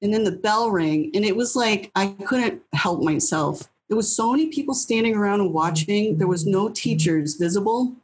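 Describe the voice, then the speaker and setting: A woman in her thirties with a husky, slightly breathy voice at an ordinary middle pitch. She is from New Hampshire and is a guest in an interview, telling stories in a blunt, casual way. She swears freely and acts out her own past lines. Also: lively intonation, normal speed, few pauses, low-quality recording. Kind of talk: casual storytelling.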